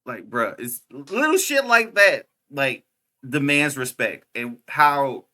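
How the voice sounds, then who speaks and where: A young man co-hosting a laid-back podcast, his voice bright and forward. He talks excitably in loose slang, laughing often and riffing off his partner. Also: mid-range voice, slow pace. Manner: excitable, laughs a lot, slangy with frequent "bruh". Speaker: podcast co-host. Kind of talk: casual chat.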